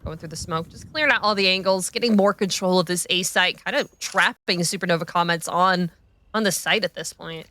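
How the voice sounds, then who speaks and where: Bright, giggly woman esports caster. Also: lowish voice, fairly quick, slight background noise. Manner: giggly, chatty color commentary. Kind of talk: live esports commentary.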